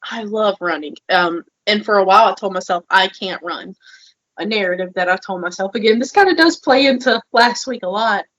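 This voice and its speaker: A woman co-hosting a podcast, chatting in an animated, bubbly way. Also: medium pitch, brisk, hardly any pauses, no room sound, dull audio. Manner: animated, bubbly, laughs often. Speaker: podcast co-host. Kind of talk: casual podcast chat.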